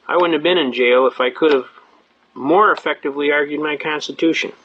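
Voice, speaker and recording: An older man speaking at a seminar on constitutional rights tells stories in a folksy, conversational lecture, emphatic and prone to repeating himself. His voice is on the high side and fairly quick, and the recording sounds lo-fi.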